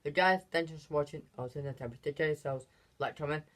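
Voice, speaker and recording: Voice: mid-range voice, quick pace, fairly bright tone. A channel host giving a casual, unscripted movie review, rambling with lots of fillers and restarts and giggling often between phrases.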